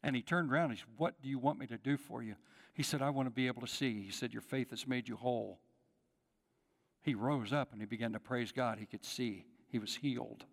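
Brisk and medium-pitched with vocal fry, this pastor calls out to his congregation while giving voice to the characters of his sermon's story. The hall adds long reverb.

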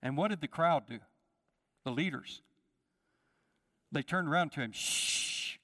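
A man in a church sanctuary preaches with a dramatic, rousing delivery, acting out the voices in the story and calling out to his listeners. His voice sits a little high for a man, and a long hall reverb trails after every phrase. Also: moderate pace, fairly bright tone. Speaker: pastor. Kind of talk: sermon.

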